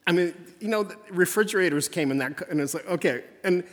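A man's voice: high voice, normal speed, long reverb tail. A man preaching a folksy, conversational sermon in a church, circling back to the same refrains again and again. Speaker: pastor.

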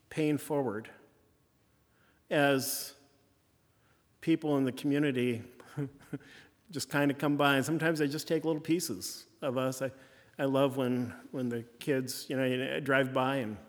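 A man's voice: mid-range voice, big-room sound. A man preaching a folksy, conversational sermon in a church, circling back to the same refrains again and again. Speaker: pastor.

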